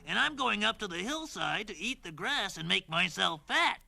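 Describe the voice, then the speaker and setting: Brief: tiny timid billy goat, voiced by a man, high and pleading. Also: sing-song, moderate pace, vocal fry, sharp tone, full character voice. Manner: small pleading voice.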